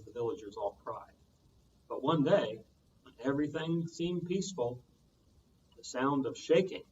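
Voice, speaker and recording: A man, a children's librarian, reading a storytime tale aloud with lively sound effects, heard from a distance on muffled audio. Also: medium pitch, measured pace, pauses often, a little hiss or hum.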